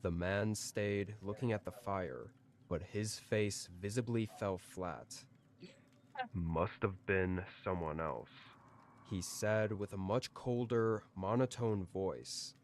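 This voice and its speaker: A man calmly reading out a scripted first-person horror story. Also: fairly low pitch, slow, slight background noise.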